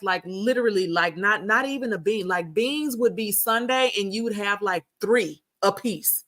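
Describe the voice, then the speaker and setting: A woman host telling a personal story in a casual, animated chat, repeating herself for emphasis. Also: medium pitch, moderate pace, hardly any pauses.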